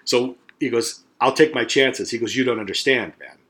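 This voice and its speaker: A middle-aged man chatting on a podcast at an ordinary middle pitch. He tells a long story loosely and crudely, stumbling over restarts and swearing freely. He slips into the voices of the people he quotes as he goes. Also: normal speed, fairly bright tone. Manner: profane, rambling, acts out quoted voices. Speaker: podcast co-host. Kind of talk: casual storytelling chat.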